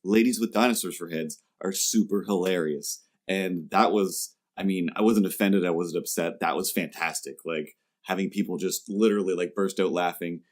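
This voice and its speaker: Deep-voiced man telling a comic story. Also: moderate pace, few pauses. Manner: animated, acts out quoted customers in jumpy voices. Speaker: podcast host. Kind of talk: comedic storytelling chat.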